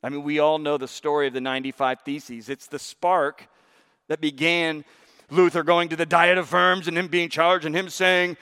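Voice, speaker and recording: A male pastor preaching a sermon, telling a story with emphatic rises and hushed drops. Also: a little high, steady tone, moderate pace, clear, resonant tone.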